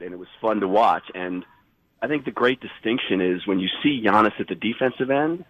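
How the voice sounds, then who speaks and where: A man's voice: low-pitched, a bit bright, no echo, highs cut off. A man fighting a cold, talking basketball as an insider guest on sports radio, rambling and correcting himself as he goes. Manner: rambling, self-correcting, emphatic. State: fighting a cold, husky sick voice. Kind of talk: sports radio analysis by phone.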